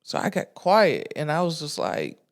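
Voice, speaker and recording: An exasperated podcast host retells a personal story in loose, animated talk. The speaker restarts sentences and drops slang and swearing along the way. The pitch sits in a middle register. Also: normal speed. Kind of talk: casual storytelling monologue.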